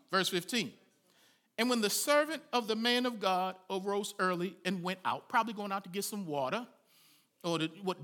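Male pastor, sermon delivery; high, bright and lively voice, folksy asides, dramatic shouted climaxes. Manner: dramatic preaching, rising to shouts; folksy asides between scripture readings.

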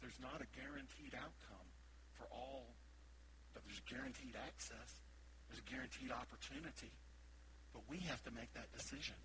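A man preaching a sermon as associate pastor, swinging between loud emphatic shouts and quiet asides. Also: medium pitch, background noise. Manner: admits he speaks loudly most of the time.

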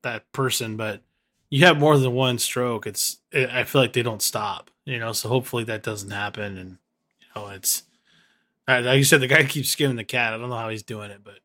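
Bright-voiced laid-back man. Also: mid-range voice, fairly quick. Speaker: podcast co-host. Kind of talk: casual chat.

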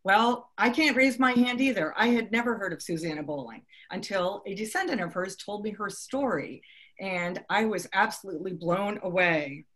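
A woman's voice: mid-range voice, normal speed, fairly bright tone. A woman from Boston giving a live talk to an audience, telling a history story in a conversational way with frequent ums and restarts. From Boston, United States.

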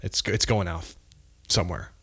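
A man's voice: sits low, fairly even intonation, normal speed, a bit bright, slightly rough. A man co-hosting a podcast in casual chat, complaining animatedly and swearing. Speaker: podcast co-host.

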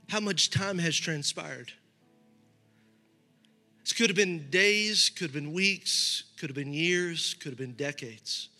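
Bright high-voiced preaching man. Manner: conversational, animated preaching with repeated restarts. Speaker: pastor. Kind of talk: sermon. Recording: hall reverb with faint music.

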